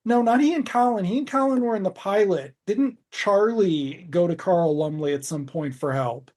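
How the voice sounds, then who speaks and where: A podcast co-host with a high voice, moderate pace and darkish tone recaps scenes in casual podcast chat. He's rambling and sarcastic, swearing and trailing off into asides.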